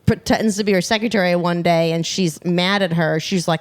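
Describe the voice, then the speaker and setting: A woman's voice: lowish voice, moderate pace. A woman co-hosting a podcast, chatting playfully about a film and jumping in with quotes and tangents. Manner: playful, jumps in with side remarks and quotes. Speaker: podcast co-host. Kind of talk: casual movie chat.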